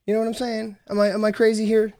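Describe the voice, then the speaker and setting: A man's voice: high-pitched, completely flat delivery, fast talker, darkish tone, no echo. A man from Canada co-hosting a podcast, rambling through crude, joking casual banter. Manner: joking, rambling, breaks into mock French. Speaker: podcast co-host.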